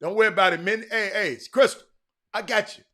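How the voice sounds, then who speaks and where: Bright-voiced man hosting a livestream. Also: sits high, quick pace. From Houston, Texas. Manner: chatty, talks to viewers by name, frequent restarts. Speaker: livestream host. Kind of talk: casual livestream chat reading viewer comments.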